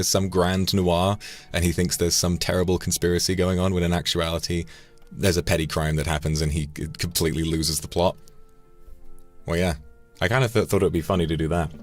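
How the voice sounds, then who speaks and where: A man casually chatting on a livestream, swearing now and then and tripping over repeated words. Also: sits low. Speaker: streamer.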